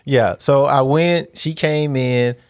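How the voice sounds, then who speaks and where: A man's voice: mid-range voice, steady tone, slow, smooth. A middle-aged man casually telling how he proposed, in a playful, joking way. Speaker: co-host telling his proposal story. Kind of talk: casual chat.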